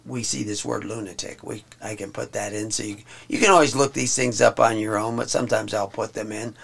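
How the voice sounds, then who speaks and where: A man teaching a Bible study, reading verses aloud slowly and then explaining them in plain, halting talk. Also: mid-range voice, gravelly, a bit bright.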